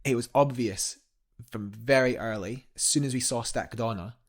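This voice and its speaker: A man's voice: medium pitch, moderate pace. A young man, a guest climber, telling a story eagerly in a casual interview, rambling with fillers and restarts.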